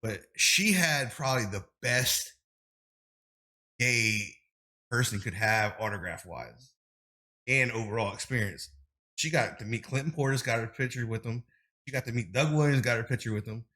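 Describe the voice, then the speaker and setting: Mid-range in pitch and normal in speed, this man in his thirties is a streamer on a podcast as a guest. In loose chat, he tells lengthy, meandering stories, animated and packed with fillers.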